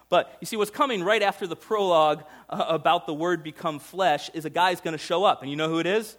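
Animated man preaching a sermon. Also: a little high, fast talker. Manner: animated, swings between loud emphasis and hushed intensity; conversational, with rhetorical questions to listeners. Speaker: pastor.

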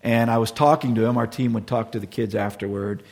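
Middle-aged male pastor, sermon delivery, gravelly husky tone, earnest with hushed solemn drops. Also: mid-range voice, fairly quick, in a large hall.

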